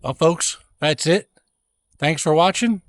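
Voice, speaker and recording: A man's voice: fairly high pitch, slow pace, no room sound. A man, chatting folksily to viewers as he shows off his tractor setup outdoors. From Louisiana. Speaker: homestead vlogger. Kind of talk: casual product walkthrough.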